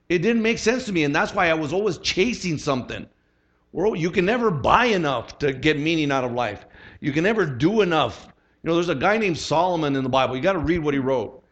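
Middle-aged pastor guy preaching casual and earnest, kinda dull lo-fi sound. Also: fairly high pitch. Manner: conversational and earnest, with many fillers. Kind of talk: sermon.

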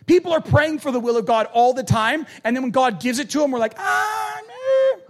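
A male preacher giving a conversational, animated sermon and acting out quoted lines. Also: extremely high pitch, quick pace.

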